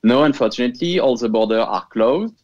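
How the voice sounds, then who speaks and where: A man's voice: medium pitch, expressive, a little fast, darkish tone, highs cut off. A man with a French accent, a fertility center case manager, speaking earnestly in an interview and sometimes searching for words. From France. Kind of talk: interview over a call.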